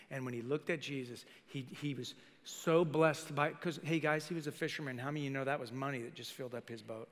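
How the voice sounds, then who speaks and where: A male senior pastor preaching a lively sermon to a congregation, acting out quoted voices and putting questions to the crowd. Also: on the high side, fairly quick, hardly any pauses. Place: church sanctuary. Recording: live sermon in a reverberant church hall.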